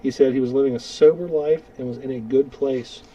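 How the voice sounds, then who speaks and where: Rambling podcast host, dark voice. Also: male voice, medium pitch, fairly even intonation, brisk, poor audio. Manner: profane, rambling. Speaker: podcast co-host reading news. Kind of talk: casual banter, reading news stories. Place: small studio.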